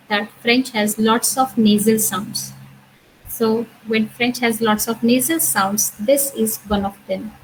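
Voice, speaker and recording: In a recorded university lecture, a woman teaches introductory French, patiently explaining and repeating each sound and word, often saying "uh" and "okay." Her voice is a little high, and the low-quality recording has slight background noise.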